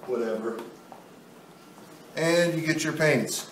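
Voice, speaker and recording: A man's voice: mid-range voice, unhurried. Man explaining a painting demo, echoey. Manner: easygoing, talks while working. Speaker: art instructor. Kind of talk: step-by-step painting demonstration. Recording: very echoey room, mic far off, faint noise.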